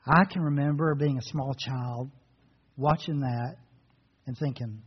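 A man preaching a sermon as a pastor, retelling a story in an earnest, storytelling manner and dropping to soft, reflective tones. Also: medium pitch, unhurried, pauses often, slightly rough. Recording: reverberant hall, dull muffled sound.

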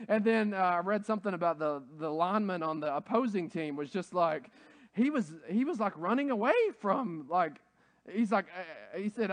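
Man, pastor, high-pitched voice, casual chatty sermon, lots of fillers, excitable storytelling. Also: normal speed. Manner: casual, conversational preaching with many fillers; gets loud and excited retelling stories.

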